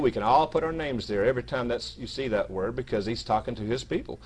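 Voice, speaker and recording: A man's voice: medium pitch, expressive, quick pace, few pauses, darkish tone, slight background noise. Man preaching a short sermon with emphasis. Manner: reads scripture with rising emphasis, many small restarts. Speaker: minister.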